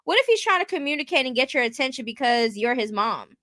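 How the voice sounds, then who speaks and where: A woman's voice: high-pitched, big pitch swings, fast talker, a bit bright, no room sound. A woman hosting casual commentary, blunt and rhetorical, often turning to her viewers with questions. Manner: blunt, rhetorical, keeps asking viewers "you get what I'm saying". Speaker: commentary host.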